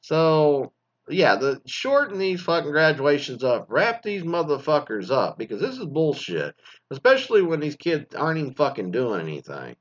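A man in his forties, a former teacher from Texas, ranting bluntly with constant swearing and animated storytelling. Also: a little high, normal speed. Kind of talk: profane ranting monologue. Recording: slightly dull lo-fi recording.

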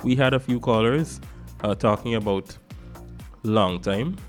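A man from Guyana with a Guyanese accent, hosting a casual talk-show monologue in an animated, emphatic way, swinging between loud stresses and soft asides. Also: mid-range voice, a little slow, soft background music. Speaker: radio show host.

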